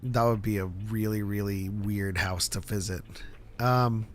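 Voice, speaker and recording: A man's voice: fairly low pitch, steady tone, unhurried, slight background noise. A man co-hosting a casual fan show, reading viewer questions in a playful, joking way. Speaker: co-host reading chat.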